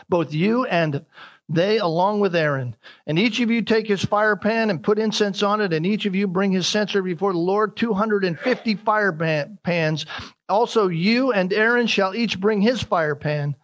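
High-voiced emphatic male preacher. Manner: emphatic, rising in pitch and force to stress scripture, slowing on key phrases. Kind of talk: expository sermon reading scripture aloud.

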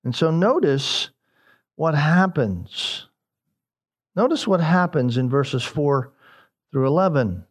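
A man preaching a sermon in an expressive way, dropping his voice low and slow for emphasis.

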